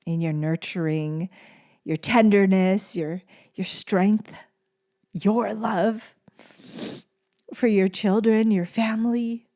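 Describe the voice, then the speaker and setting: A woman hosting a solo podcast, speaking slowly and unhurriedly with a medium pitch. Her delivery is gentle, soft and tender. She often repeats a phrase for emphasis. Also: steady tone. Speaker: podcast host. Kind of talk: heartfelt solo podcast monologue.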